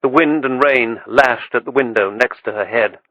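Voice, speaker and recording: A man reading an audiobook with steady, measured storytelling. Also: medium pitch, no room sound, lo-fi sound. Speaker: audiobook narrator. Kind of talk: scripted audiobook narration.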